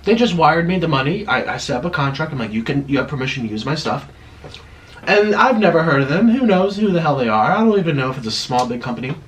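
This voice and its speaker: A man's voice: a little high, very animated, fast. A man chatting casually while eating on camera, rambling and laughing at himself. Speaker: mukbang vlogger.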